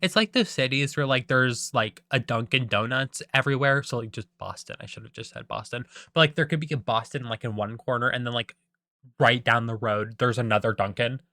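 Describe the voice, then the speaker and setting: A young man talks through a movie plot in a loose, rambling way, full of "like" and self-deprecating asides. His voice is bright and forward, and the recording is dry and close. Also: mid-range voice, fairly quick, no echo. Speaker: vlogger. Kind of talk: casual rambling retelling.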